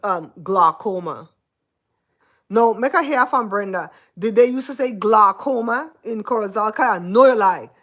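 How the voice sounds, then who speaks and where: A woman's voice: medium pitch, animated, moderate pace, a bit bright. A Belizean woman hosting a casual livestream chat, laughing often and teasing her viewers. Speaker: host.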